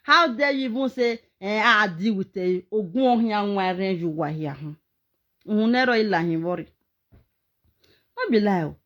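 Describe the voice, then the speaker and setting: A woman's voice: mid-range voice, normal speed, pauses often, lo-fi sound. A Nigerian woman ranting on a live stream, mocking and scolding as she mixes pidgin and English.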